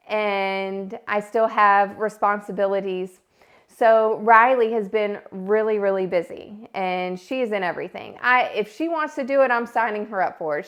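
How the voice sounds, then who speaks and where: A woman in her thirties hosting a podcast, telling a personal story in a casual, animated way. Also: medium pitch. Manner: animated, acts out her own yelling and quotes. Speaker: podcast host.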